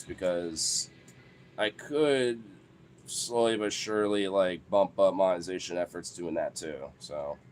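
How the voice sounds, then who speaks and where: A man's voice: fairly low pitch, a little hiss or hum. A man chatting casually on a live stream from home, rambling, swearing freely and laughing between thoughts. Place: home with dogs.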